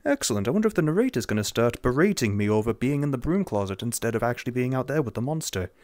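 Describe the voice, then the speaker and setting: A young English man commenting jokingly and sarcastically while playing a horror game, getting excited easily. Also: medium pitch, fast, no echo, clean studio sound. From England. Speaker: gamer.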